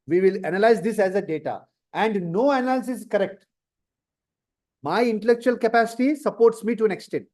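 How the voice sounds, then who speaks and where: Teacher guy lecturing a class, high pitched, warm mellow tone. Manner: lively, rhetorical questions to students. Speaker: data science teacher.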